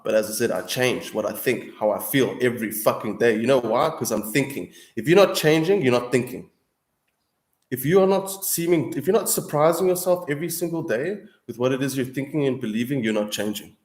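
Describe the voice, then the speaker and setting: A young man in a casual, heated monologue, swearing often and calling the listener bro and dude. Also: medium pitch. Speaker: streamer answering viewers. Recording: echoey room.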